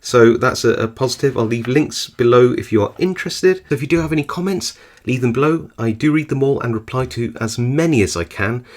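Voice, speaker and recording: A man, hosting his own channel and giving a casual product review, easygoing and often pausing with ums and restarts. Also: medium pitch. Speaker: lock-picking channel host.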